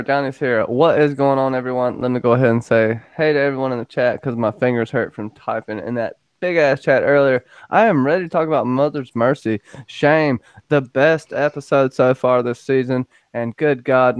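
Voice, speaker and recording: A man hosts a casual livestream chat, lively and joking as he shouts out viewers by name. His voice is dry and close, with no room around it. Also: mid-range voice, moderate pace, clean tone, no echo, muffled recording. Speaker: podcast host greeting chat.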